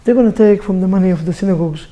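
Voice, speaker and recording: Man, rabbi giving a lively class, mellow warm tone, joking storyteller. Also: high voice, rapid-fire. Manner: animated storyteller, joking, with sound effects. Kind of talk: lively sermon to a live group.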